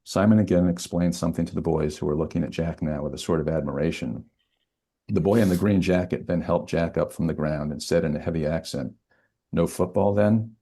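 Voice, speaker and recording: A man, a novelist, reading a passage from his own thriller aloud in a steady, measured way. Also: very deep voice, husky.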